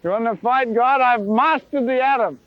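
A man's voice: very high voice, moderate pace, dry recording. A man voicing a cocky little human man who boasts and taunts God, in a lo-fi recording. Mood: taunting.

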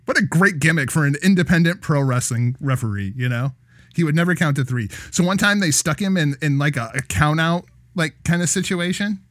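A man hosting a wrestling podcast, telling a profane, animated story in casual chat. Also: on the high side, a little fast, few pauses, no room sound, clean studio sound. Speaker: podcast host.

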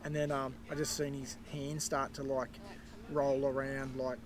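A man telling a story as a podcast guest, animated and swearing freely. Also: medium pitch, unhurried. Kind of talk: casual storytelling.

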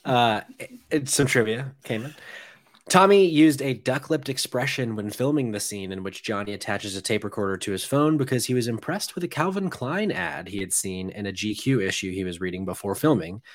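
A man's voice: lowish voice, animated, normal speed, no room sound, clean studio sound. Man reading out film trivia. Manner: stumbling restarts, reads trivia aloud. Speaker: podcast co-host sharing trivia. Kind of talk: casual chat.

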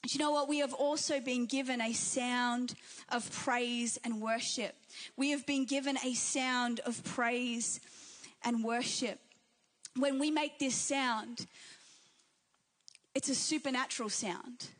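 A woman delivers a church sermon in a high, bright register. She preaches with fervour, stacking repeated phrases into a rising, rhythmic cadence. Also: fairly even intonation, takes it slowly. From Australia and New Zealand. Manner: fervent, repetitive preaching cadence.

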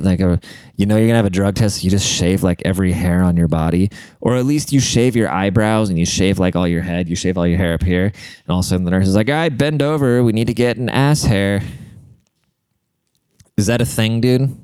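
Young dude rambling and cursing, smooth low voice, kinda self-deprecating. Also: male voice, darkish tone, no echo. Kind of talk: casual rambling monologue.

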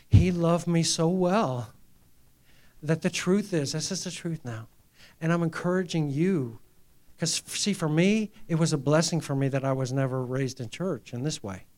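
A middle-aged male pastor preaching a testimony sermon, dropping to near-whispers and rising to loud, emphatic lines, acting out quoted dialogue. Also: medium pitch, a little slow. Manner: acts out quoted dialogue in a raised voice.

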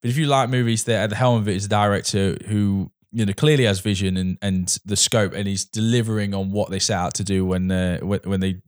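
A man reviewing a film in loose, casual chat. His voice sits fairly low, and he rambles, backtracks and starts sentences over as he goes. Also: steady tone, fairly quick, few pauses. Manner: rambling, restarts, acts out quoted dialogue.

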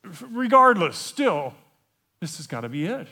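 A man preaching a storytelling sermon, animated and playful, acting out the scenes and stumbling over restarts. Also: high voice. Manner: halting, with frequent restarts.

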